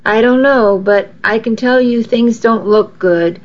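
A woman's voice: fairly high pitch, unhurried, dull audio, natural voice. A woman reading as a frank middle-aged restaurant manager. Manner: matter-of-fact, apologetic.

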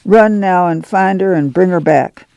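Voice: medium pitch, measured pace, gravelly, darkish tone, no room sound. A reader voicing a weary, tough older farm mother who speaks in a rural drawl. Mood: firm. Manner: rural drawl, firm and plain-spoken.

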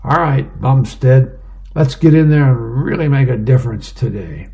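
A man's voice: mid-range voice, lively intonation, normal speed, vocal fry, dark tone. A man reading out the pep talk of a self-serving male office boss. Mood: rousing.

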